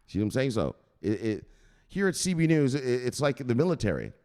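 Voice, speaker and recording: A man's voice: medium pitch, sing-song, brisk, darkish tone, big-room sound. A man hosting a crypto news channel, rambling and joking with plenty of swearing. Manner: profane, rambling, jokey. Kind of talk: casual joking monologue.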